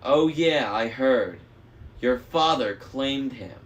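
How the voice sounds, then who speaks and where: A man voicing a smug young male traitor demigod, smooth, mocking and persuasive. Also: mid-range voice, expressive, slow pace. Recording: faint noise, slightly distant mic.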